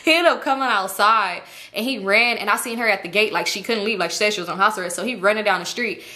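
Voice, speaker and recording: A woman vlogger casually telling a profane, animated story and acting out the voices. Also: mid-range voice, fast.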